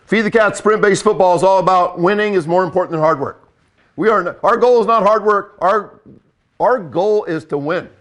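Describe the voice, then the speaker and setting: Blunt older man, higher-pitched coach. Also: normal speed, a bit bright. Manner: blunt, emphatic, repeats for effect. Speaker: football coach. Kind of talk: coaching talk.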